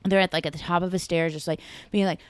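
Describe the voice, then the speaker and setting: A woman's voice: lowish voice, quick pace, clear, resonant tone, no room sound. A woman chatting casually, telling a story full of "like" and acting out what people said. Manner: chatty, lots of "like", acts out quotes in animated voices.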